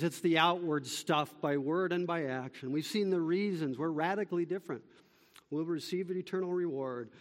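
A man preaching a sermon as pastor, emphatic, swinging between loud calls and quiet, slow summaries. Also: high voice, long reverb tail.

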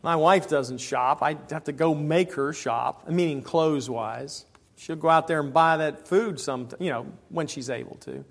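A male pastor preaching a sermon in a church, joking and swinging between loud emphasis and quiet asides. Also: fairly high pitch, gravelly.

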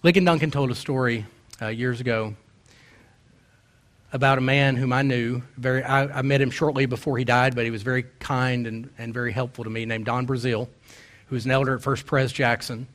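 A middle-aged male pastor, delivering a sermon and slowing down to stress quoted verses. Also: mid-range voice, steady tone, a bit bright. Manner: emphatic preaching with slow, drawn-out quoted verses.

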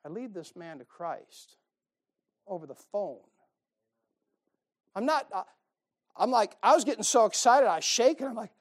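A man pastor preaching a sermon in a folksy, animated way, firing off rhetorical questions with bits of humor. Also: sits high, normal speed, long pauses.

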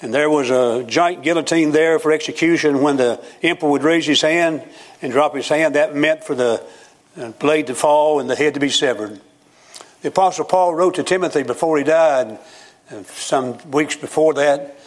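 A man's voice: on the high side, normal speed. An older man preaching a sermon in a folksy storytelling manner, quoting scripture along the way.

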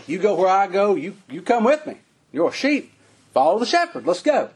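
A man preaching a folksy sermon, his voice climbing high on the emphatic lines. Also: big pitch swings, a little fast, husky.

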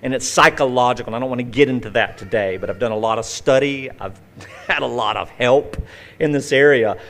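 A man's voice: mid-range voice, fairly quick, fairly bright tone. A male pastor preaching a conversational sermon, telling folksy stories with vivid acted-out asides.

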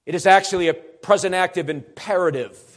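A pastor delivers an expository sermon in a notably high voice for a man. He explains things in an earnest, teacherly way and presses his points with rising, emphatic urgency. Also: a little fast.

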